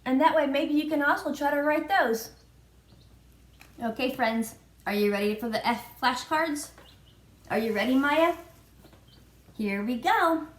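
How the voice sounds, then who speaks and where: Preschool teacher, female, unhurried sing-song delivery, roomy echo. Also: high voice, animated. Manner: slow, sing-song prompting with spelled-out letters. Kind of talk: children's virtual lesson. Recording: echoey room.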